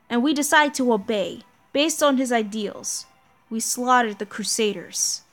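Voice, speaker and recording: A woman's voice: high voice, close to an everyday voice. A woman voicing a stern, cold male knight in a grave, formal manner while reading a game story aloud.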